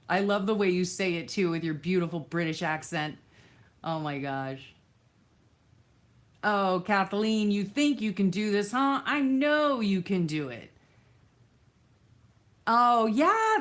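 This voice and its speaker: A woman's voice: medium pitch, a bit bright. A woman hosting a casual craft live stream, chatting loosely with lots of fillers while she thanks viewers by name and answers their comments, sometimes drifting away from the mic. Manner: many fillers and restarts, easily distracted. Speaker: crafting livestream host.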